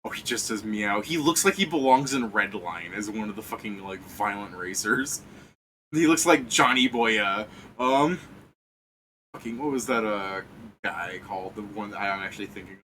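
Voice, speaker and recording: Bright-voiced game master rambling between laughs. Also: male voice, lowish voice, lively intonation, moderate pace, slight background noise, low-quality recording. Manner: rambling, laughs often, trails off mid-thought. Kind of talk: casual chat during a tabletop game stream.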